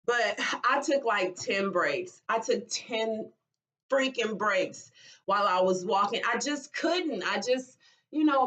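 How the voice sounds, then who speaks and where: A woman, talking in a halting, emotional way in a personal vlog, with sighs and restarts. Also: medium pitch, fairly bright tone, far from the mic. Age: 40s. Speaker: vlogger.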